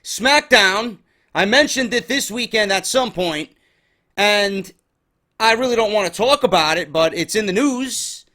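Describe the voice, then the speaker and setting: High-voiced, swearing New man ranting. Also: expressive, measured pace, pushed and bright. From New York. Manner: exasperated, swears constantly. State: tired. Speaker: wrestling podcast host. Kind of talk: profane ranting commentary.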